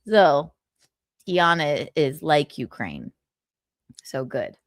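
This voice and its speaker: A woman's voice: low-pitched, sing-song, drawn-out words, dry recording, clean studio sound. A woman hosting a live gossip stream in casual chat, blunt and sarcastic, swearing freely. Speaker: livestream host.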